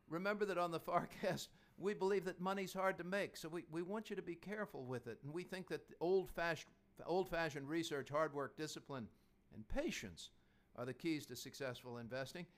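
A man's voice: on the high side, normal speed. A man in his fifties hosting a podcast, talking casually about investing in a chatty, anecdotal way. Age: 50s. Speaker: podcast host.

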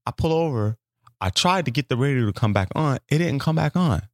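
Man guest, profane comic storyteller, acts out voices, mid pitch, dry close sound. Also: fairly quick, no room sound. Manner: animated, acts out voices, swears freely. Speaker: comedian guest.

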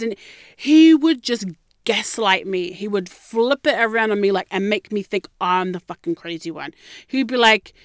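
A woman with an Australian accent, telling a personal story in a blunt, heavily profane and animated way. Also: medium pitch, moderate pace, no room sound, clean studio sound. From Melbourne, Australia.

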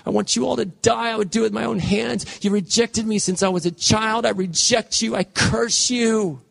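A man's voice: high voice, steady tone, normal speed, vocal fry, fairly bright tone, pitched above the performer's own voice, exaggerated voice. A man preaching voices a tormented, possessed man who screams, curses and begs for mercy. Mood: furious. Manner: screaming, pleading, raw anguish.

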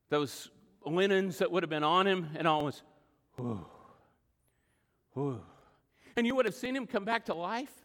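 A man preaching a sermon as pastor, emotional, swinging between loud emphasis and quiet asides. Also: sits high, big-room sound. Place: church sanctuary.

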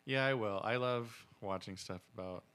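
A man co-hosting a casual podcast chat, talking in a relaxed, reflective way and sharing from his own past. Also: on the low side, moderate pace, smooth. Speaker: podcast co-host.

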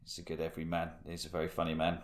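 A man's voice: low-pitched, completely flat delivery, very fast. Dry teasing man running the show. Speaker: podcast co-host. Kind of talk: casual banter among friends.

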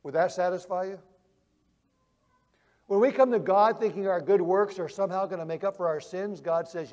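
High-voiced preacher in a reverberant hall. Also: male voice, normal speed, pauses often, highs cut off. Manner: vivid storytelling with swings from loud emphasis to quiet. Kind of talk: sermon.

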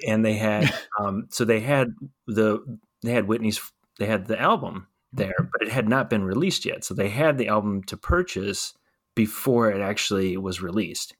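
Low-voiced man in rambling casual chat. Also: normal speed. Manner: relaxed, rambling, many fillers. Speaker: podcast co-host.

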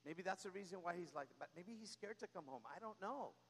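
A man's voice: sits high, lively intonation, fairly quick, a little hiss or hum. A man preaching a sermon as pastor, exhorting the congregation with call-and-response. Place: church sanctuary. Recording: long reverb of a large hall.

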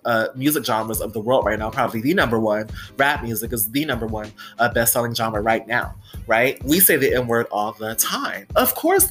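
A woman with a very deep voice and fairly bright tone hosts a solo podcast, speaking candidly and swearing plenty. She often says "you know" and "right?".

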